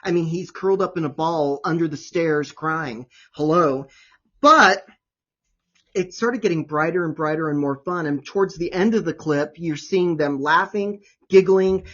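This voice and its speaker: A man's voice: high-pitched, a bit bright, lo-fi sound. A man hosting a casual chat show, talking with gushing enthusiasm. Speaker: host.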